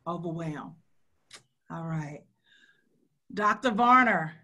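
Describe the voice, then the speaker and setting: Bright-voiced woman host. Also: lowish voice, expressive, slow. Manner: heartfelt, earnest, near tears at times. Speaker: radio host. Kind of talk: emotional hosting on a video call.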